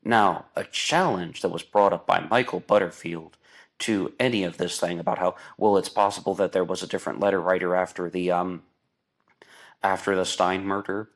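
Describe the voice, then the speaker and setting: Man, low voice, casual true-crime chat, talkative, exasperated asides. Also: steady tone, normal speed. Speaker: podcast host. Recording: internet radio show.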